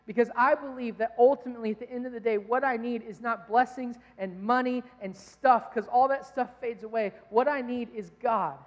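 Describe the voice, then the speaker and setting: A man's voice: very high voice, a little fast, hardly any pauses. A man preaching a sermon as pastor, telling a personal story earnestly and with many restarts. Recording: dull sound in a hall with long reverb.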